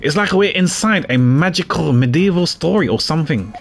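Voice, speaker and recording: A man voicing an eager young male character with a put-on French accent, excitable and enthusiastic. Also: a little high, a little fast, vocal fry, pitched above the performer's own voice.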